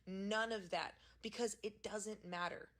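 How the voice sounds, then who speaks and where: A woman's voice: medium pitch, steady tone, unhurried, a loud crowd. A woman giving emphatic, indignant political commentary.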